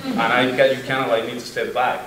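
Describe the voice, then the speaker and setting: A man's voice: medium pitch, a little fast. Young guy w/ an accent telling a funny panel story, laughs a lot, does voices, roomy echo, mic far off. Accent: non-native accent. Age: young adult. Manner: animated, laughing, acts out voices in anecdotes. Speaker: student veteran panelist. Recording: echoey room, mic far off, faint noise.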